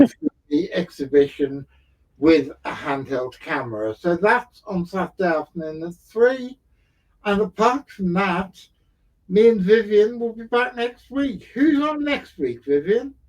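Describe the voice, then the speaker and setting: A man's voice: high voice, darkish tone, poor audio. A man hosting a casual online talk show, rambling and self-mocking. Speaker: podcast host. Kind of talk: casual chat.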